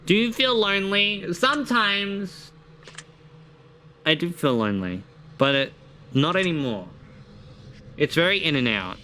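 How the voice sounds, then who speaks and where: A man with a bright, forward voice reads personality-quiz questions on a live stream and answers each one himself. His talk is loose and casual, with swearing mixed in. A faint hiss sits under the voice. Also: sits high, expressive, unhurried, long pauses.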